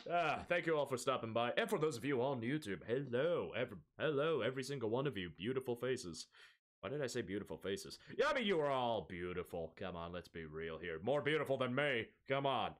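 A young male streamer opening his stream with loose, rambling chat. He laughs a lot, breaks off into self-mocking jokes, and sounds wired on an energy drink. His voice sits at an ordinary pitch for a man. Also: big pitch swings, fast talker, hardly any pauses, fairly bright tone.

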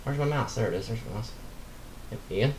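A man hosting a card break, chatting casually and excitably as he opens packs and reads out the players and teams. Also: medium pitch, fairly quick, a little hiss or hum. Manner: chatty, excitable, muttering asides while opening packs. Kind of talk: live card-break commentary.

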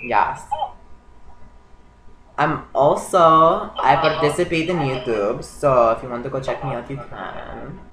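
A man's voice: medium pitch, slow, roomy sound, a crowd in the background, natural voice, rough recording. A man voicing a comic character who speaks broken English with Spanish greetings, chatting with strangers on a video chat.

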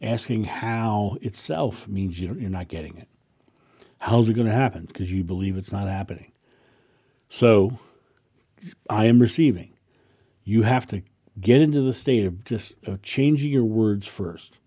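A man who is a spiritual teacher, calmly answering a viewer's question in a casual monologue and repeating affirmations as he explains. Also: lowish voice, measured pace, breathy edge.

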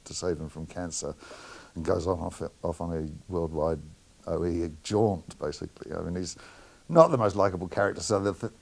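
A middle-aged New man with a low, gravelly-edged voice answers interview questions at normal speed. As a film editor, he's frank and full of anecdotes, often letting out a chuckle.

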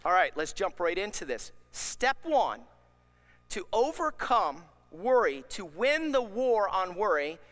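Man, pastor, lively sermon, high voice, long reverb. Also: unhurried. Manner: animated, acts out worried voices. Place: church sanctuary.

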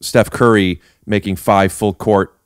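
A man's voice: fairly low pitch, steady tone, measured pace, clear, resonant tone, no echo, clean studio sound. A man hosting a podcast in casual chat, teasing and joking with his guest. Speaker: podcast host.

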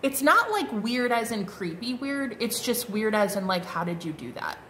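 A woman's voice: on the high side, very animated, moderate pace, fairly bright tone, slight background noise. A woman giving a casual tarot card reading, chatty and bubbly, full of fillers and exclamations. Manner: chatty, bubbly, lots of "like" and "oh my God".

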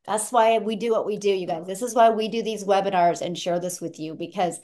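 A woman's voice: mid-range voice, a little fast, mellow. A woman hosting a webinar, upbeat and encouraging as she thanks her guests. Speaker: webinar host.

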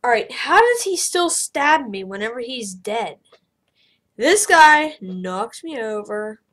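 A woman giving casual let's-play commentary, excitable, crying out loudly at every mishap and then muttering quietly. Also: fairly high pitch, takes it slowly. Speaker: gameplay commentator.

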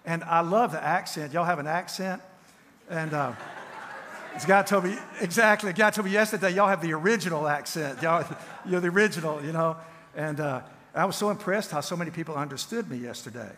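A Southern-accented man in his sixties teaches from a church stage in a folksy, conversational way, often restarting his words. His voice sits a little high for a man. The long church reverb trails behind every phrase. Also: brisk, fairly bright tone. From Tennessee, USA. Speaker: guest speaker and counselor. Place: church sanctuary.

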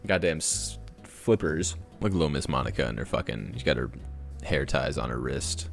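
A man's voice: a bass voice, animated, normal speed, vocal fry, faint music behind. A young man casually commenting while reading a visual novel game aloud, swearing freely and laughing often. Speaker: gaming YouTuber.

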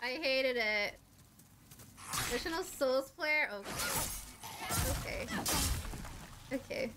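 A young woman streaming a game live, chatting with viewers, swearing and shouting at enemies. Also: high voice, takes it slowly, very noisy. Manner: excitable, swears and screams at enemies. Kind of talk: live gameplay commentary.

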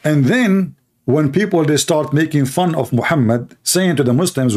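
A man's voice: fairly high pitch, normal speed, darkish tone. A middle-aged man who is a Christian apologist host. He gives heated, emphatic livestream commentary and repeats himself a lot. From Arab world.

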